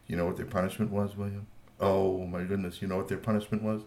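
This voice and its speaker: A man improvising a bedtime story for his child, animated and meandering, in an echoey room. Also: low voice, quick pace. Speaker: parent telling a bedtime story.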